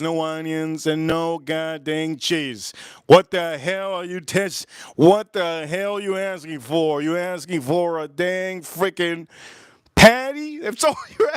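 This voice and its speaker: Rambling, laughing man with a smooth voice. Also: on the high side, no room sound, studio quality. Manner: rambling, repeats himself, swears casually; animated, laughing while telling a story. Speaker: livestream host. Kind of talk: casual storytelling on a cooking livestream.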